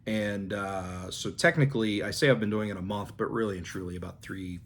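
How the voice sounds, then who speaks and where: A man in a casual vlog, relaxed and rambling, thinking aloud with fillers and restarts while he shows his flashcards. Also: lowish voice, a little fast. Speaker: language-learning vlogger. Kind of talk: casual demonstration talk.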